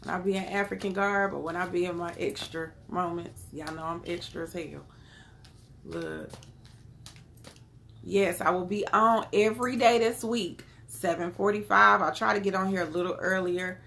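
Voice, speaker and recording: A woman's voice: fairly low pitch, fairly even intonation, moderate pace, gravelly, a bit bright, slight background noise. A woman with a Southern US accent, chatting casually with viewers on a live stream while reading tarot cards, calling them y'all and beloved. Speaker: tarot card reader.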